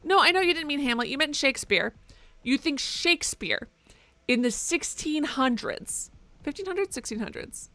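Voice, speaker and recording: Bright-voiced sarcastic woman streamer. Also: high voice, expressive, normal speed, dry recording. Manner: sarcastic, self-mocking, sings snatches of songs. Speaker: game streamer. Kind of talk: casual live-stream commentary.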